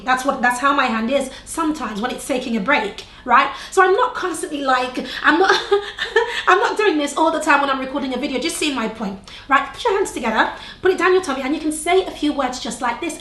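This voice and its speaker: A woman's voice: high voice, animated, quick pace, bright, forceful tone, reverberant. A young adult woman teaching on-camera tips to the viewer, shifting her tone and pace on purpose and checking in with questions. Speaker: video presentation coach. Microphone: camera facing speaker.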